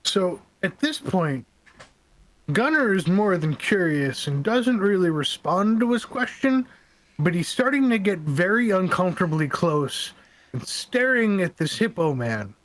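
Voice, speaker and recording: High, animated male player. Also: a little slow. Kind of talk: playing a tabletop game.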